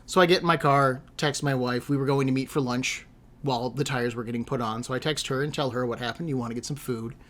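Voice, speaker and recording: A man with a middle-pitched voice tells a long, meandering story in a casual chat. He sounds exasperated and a little self-deprecating as he stacks up one mishap after another. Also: steady tone, fast, a bit bright. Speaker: streamer telling a story.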